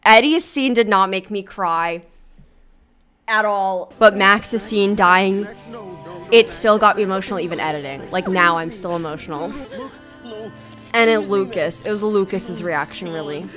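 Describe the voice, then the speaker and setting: A woman's voice: medium pitch, unhurried, over music. A woman in her twenties giving casual commentary on a TV show, chatty and blunt, swearing freely and laughing often. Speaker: YouTuber.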